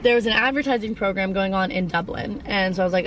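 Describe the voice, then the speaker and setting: A woman's voice: mid-range voice, fast talker, hardly any pauses, a little hiss or hum, poor audio. A young woman of about twenty hosting her own podcast, in a casual, rambling chat full of tangents and fillers. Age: around 20. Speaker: podcast host.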